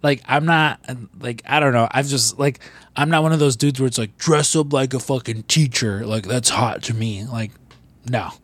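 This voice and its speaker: A man co-hosting a podcast, talking in loose, profane, rambling banter with quick mock voices. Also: medium pitch, fairly bright tone, dry recording. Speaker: podcast co-host.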